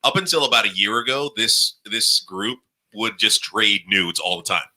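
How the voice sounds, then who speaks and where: A man's voice: lowish voice, moderate pace, bright, forceful tone, rough recording. A man co-hosting a casual comedy chat, joking and telling stories. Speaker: podcast co-host. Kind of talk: crude casual banter.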